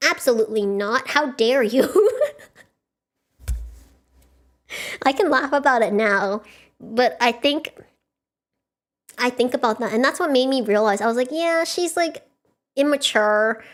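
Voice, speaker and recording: High-voiced young woman chatting about a book. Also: moderate pace, long pauses. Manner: chatty, laughs often, acts out characters' lines. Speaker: book club streamer. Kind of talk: casual book recap and chat.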